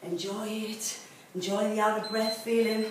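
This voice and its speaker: In a workout video recorded in a very echoey room with a distant mic and faint noise, a female fitness instructor speaks at normal speed. Her medium-pitched voice holds a steady tone as she cues encouragement mid-exercise, growing breathless.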